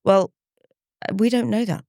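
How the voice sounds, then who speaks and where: A woman's voice: mid-range voice, fairly even intonation, moderate pace, creaky, dark tone, no room sound, studio quality. A middle-aged woman speaking candidly as a campaigner in an interview, earnest and reflective, often retelling conversations in quoted speech. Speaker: campaigner guest.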